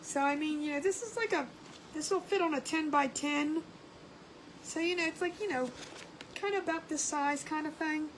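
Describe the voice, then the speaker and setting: A woman's voice: high voice, moderate pace, slight background noise, low-quality recording. A woman hosting a casual craft livestream, chatting and greeting viewers by name and laughing often. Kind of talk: casual live-stream chat.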